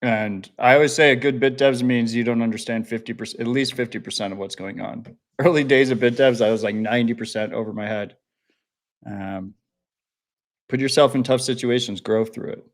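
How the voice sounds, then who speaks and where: A man with a mid-pitched voice hosts a casual podcast. He talks bluntly, swears freely and hypes sponsors with enthusiasm. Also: fairly even intonation, a little fast. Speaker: podcast host.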